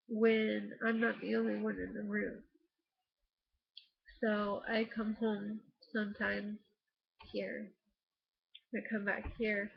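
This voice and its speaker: A young woman from the States, hoarse from allergies and losing her voice, rambling tiredly in a casual late-night vlog from her bedroom. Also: mid-range voice. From United States. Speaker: vlogger. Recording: dull lo-fi laptop recording.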